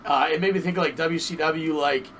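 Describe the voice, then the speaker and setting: A man's voice: a little high, steady tone, fairly quick, fairly bright tone, recorded from a distance, slight background noise, poor audio. A man co-hosting a podcast, chatting casually and animatedly, swearing and repeating himself. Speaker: podcast co-host. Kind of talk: casual wrestling chat.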